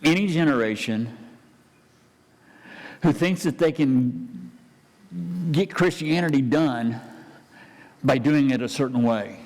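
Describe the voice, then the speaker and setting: A man's voice: medium pitch, a little mellow. A man, a pastor, preaching a conversational sermon with frequent restarts and asides. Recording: church hall reverb.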